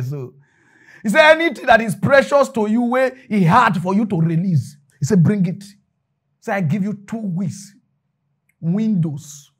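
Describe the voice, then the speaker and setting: A man with a Nigerian accent telling a comic story in Pidgin, jumping between loud bursts and hushed asides. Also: high voice. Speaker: comedian storyteller.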